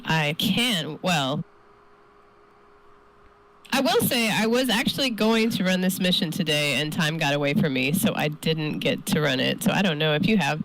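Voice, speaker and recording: Chatty woman co-host, easy laughter, faint noise in the background. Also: lowish voice. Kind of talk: casual podcast chat.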